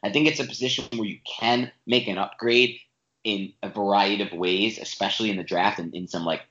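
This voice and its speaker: A man's voice: fairly low pitch, steady tone, fairly quick, fairly bright tone, roomy sound. A man co-hosting a sports podcast, ranting emphatically and with frustration in casual talk. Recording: dull lo-fi audio.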